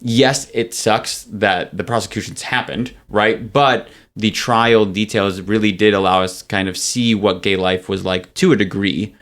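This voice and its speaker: A male podcast co-host recounting history into a studio mic. His voice sits fairly low. He talks chattily, full of "um" and "like" and loose asides. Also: steady tone, a little slow, few pauses. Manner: chatty, filler-heavy, warm asides. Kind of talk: casual history chat.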